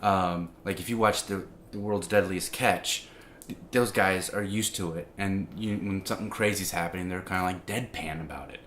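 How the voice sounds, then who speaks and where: A man giving an informal, conversational sermon, full of restarts and fillers, growing animated as he tells the story. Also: sits low, moderate pace, hardly any pauses, slight background noise. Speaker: preacher.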